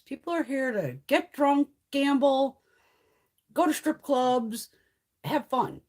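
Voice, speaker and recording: A middle-aged woman from the American East Coast talks on a casual livestream. Her voice sits a little high and swings widely in pitch. She is blunt and swears in nearly every line. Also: a little slow. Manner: blunt, swears constantly, animated storytelling. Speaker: beauty livestream host.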